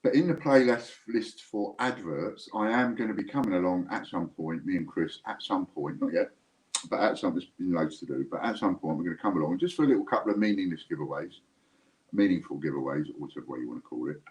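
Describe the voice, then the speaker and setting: A man's voice: sits low, expressive, a little fast, a little mellow, rough recording. A man hosting a live stream, chatting casually and jokingly straight to his viewers. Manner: rambling, jokey, talks straight to viewers.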